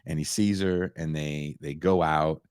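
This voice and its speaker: A very deep, darkish, clean male voice with fairly even intonation comes through in studio quality with no room sound. He's a young podcast host doing a casual, comedic film review, retelling the plot profanely and sarcastically while briefly acting out characters in quick voices.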